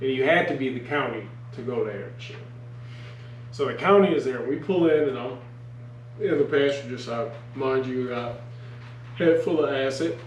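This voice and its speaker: A man's voice: medium pitch, normal speed. A man telling a rambling, profanity-laced story in casual podcast chat, full of fillers, recorded in a roomy space away from the mic. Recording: roomy, distant mic, faint noise.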